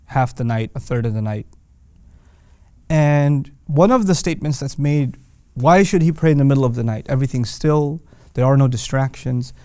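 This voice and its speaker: Male teacher, casual explainer, mid pitch, dry close sound. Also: normal speed, warm tone, smooth, dry recording. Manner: conversational, explains with everyday examples. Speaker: teacher of Quranic Arabic.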